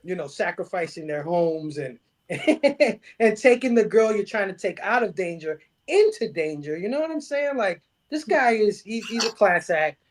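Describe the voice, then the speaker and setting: A man's voice: high voice, expressive, normal speed. A man co-hosting a movie review podcast, talking casually, swearing freely and restarting his sentences. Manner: swears freely, many restarts, laughs often. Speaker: podcast co-host.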